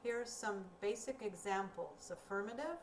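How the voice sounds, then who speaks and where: A woman teaching a recorded grammar lesson, speaking slowly and clearly in a deliberate teaching manner. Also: medium pitch. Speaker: ESL teacher. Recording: roomy, distant mic with faint room noise.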